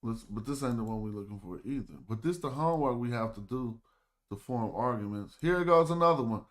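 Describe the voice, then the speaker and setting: A man speaks in at a mid pitch, hosting his own livestream in a loose, casual way. He thinks aloud as he reads, sounding out words slowly and drawing them out. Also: lively intonation. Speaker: livestream host. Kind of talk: casual livestream study talk.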